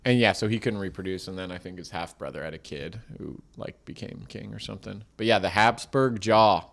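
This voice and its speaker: A man's voice: lowish voice, fairly quick, vocal fry. A man co-hosting a casual podcast, telling a story in a rambling way and laughing mid-sentence. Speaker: podcast co-host.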